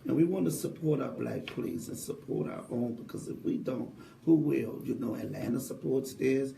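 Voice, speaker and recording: A man with a New Orleans accent, a guest speaking in an earnest, halting way with fillers. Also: medium pitch, gravelly, dark tone, a little hiss or hum. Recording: echoey room from a distant mic.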